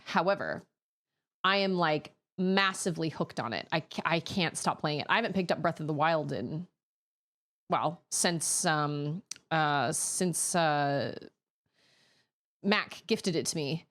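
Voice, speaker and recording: A woman's voice: deep voice, slow pace, fairly bright tone. A woman streamer chatting casually to her audience in a rambling way, often laughing. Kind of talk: casual chat on a gaming stream.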